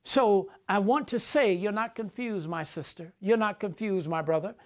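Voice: medium pitch, normal speed. A preacher giving a sermon, repeating key phrases for emphasis and speaking directly to the congregation.

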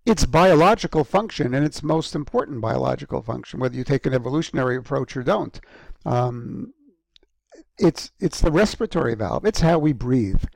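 A man giving a recorded university lecture, halting with frequent ums and restarts and clearing an irritated throat often. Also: mid-range voice, expressive, darkish tone, no echo. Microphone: close microphone.

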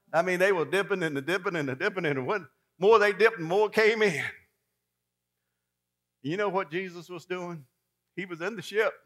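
A man delivers a folksy sermon in a high, bright, forceful voice. He swings between loud and hushed, acting out each scene as he preaches.

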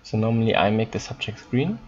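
A man teaching German in an online lesson, explaining in halting English with frequent ums and repeated words. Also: fairly low pitch, lively intonation, darkish tone, highs cut off, a little hiss or hum.

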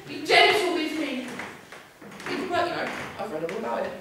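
A young woman playing Edward, a posh eager boy. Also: moderate pace. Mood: earnest. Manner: eager, chatty, lively pitch. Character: posh, naive boy growing into a teenager. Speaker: student actor. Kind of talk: school stage play. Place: school stage or hall. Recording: echoey hall, distant mic, noisy.

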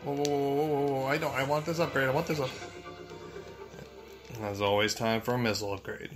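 A man hosting a let's play, giving excitable, profane gameplay commentary that turns to yelling when he panics. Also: mid-range voice, fairly quick, music in the background.

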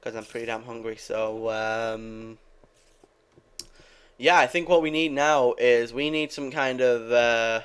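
Speaking slowly in a smooth, slightly bright mid-range voice, a young gaming creator talks his way through a game. His commentary wanders casually, full of swearing and remarks to viewers.

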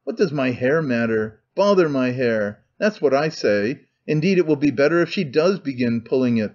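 A despairing drunken clerk in middle age, as a male narrator puts him on, pouring out fervent, pleading confession in a slightly high voice. The audiobook recording sounds dull and lo-fi. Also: darkish tone. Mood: agitated muttering.

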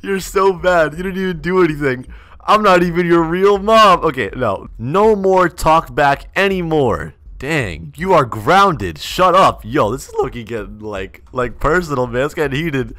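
A young man giving excitable gameplay commentary as a gaming video host, swinging between mumbled asides and loud outbursts. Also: fairly high pitch, normal speed. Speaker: gaming YouTuber.

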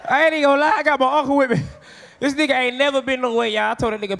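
Loud brash comedian man. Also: extremely high pitch, fairly even intonation, very fast, creaky. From Atlanta, US. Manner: loud, brash, shouting jokes with laughter. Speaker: stand-up comedian. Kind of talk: live crowd roast. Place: comedy club stage.

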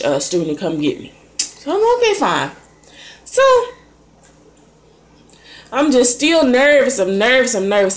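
A young woman vlogger casually telling a personal story to camera, acting out her own thoughts with lively shifts in voice. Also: medium pitch. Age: young adult.

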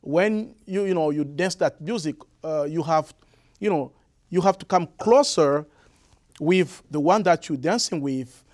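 Congolese French-accented man, halting speech. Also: fairly high pitch. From Republic of the Congo. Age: young adult. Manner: halting, many restarts and fillers. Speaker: guest musician. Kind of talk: interview answers.

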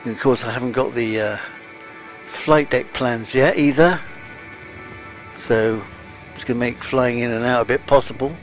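A man talks his way through a video game in a relaxed, rambling way, sighing and muttering encouragement to himself. His voice sits at an ordinary middle pitch and he sounds a little winded. Soft game music plays faintly underneath. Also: moderate pace. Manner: chatty, muttering to himself with sighs. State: slightly out of breath. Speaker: game streamer. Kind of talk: casual let's-play commentary.

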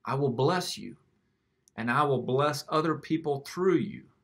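A gentle, solemn divine voice speaks slowly and reassuringly, as a man reading a children's story gives it. Each promise comes measured and calm, from a storybook for young listeners. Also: mid-range voice, gravelly, slightly rough, full character voice.

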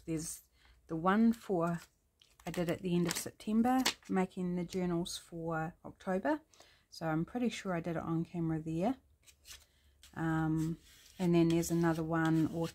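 A woman's voice: sits low, mellow. A middle-aged woman with a New Zealand accent talks through a collage craft project in a rambling, chatty way, thinking aloud with frequent ums. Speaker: craft vlogger. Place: home craft desk.

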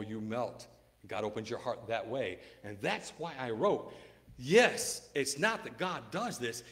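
A man, a preacher in a formal debate, arguing insistently, repeating key words and reading Bible verses aloud in old-fashioned wording. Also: medium pitch. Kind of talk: debate rebuttal with scripture reading.

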